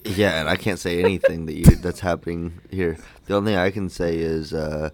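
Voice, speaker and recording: A man co-hosting a casual movie podcast, joking around and rambling with halting fillers. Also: low voice, fairly even intonation, no room sound. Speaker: podcast co-host.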